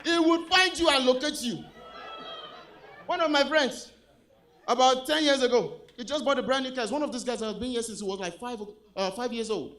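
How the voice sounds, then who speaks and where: A Nigerian man with a Nigerian accent doing a stand-up comedy set on stage, animated, swinging between loud punchlines and low asides. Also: fairly quick. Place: comedy club stage with a live audience.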